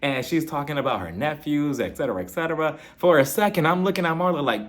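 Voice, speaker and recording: Animated man recapping a reality show. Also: a little high, fast talker. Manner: animated, acts out quotes, laughs often. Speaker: TV recap reviewer. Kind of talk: casual episode review.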